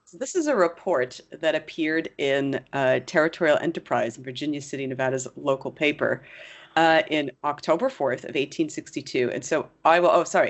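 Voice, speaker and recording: A woman author, a guest in a casual conversation, talking playfully, teasing and laughing often. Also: low-pitched.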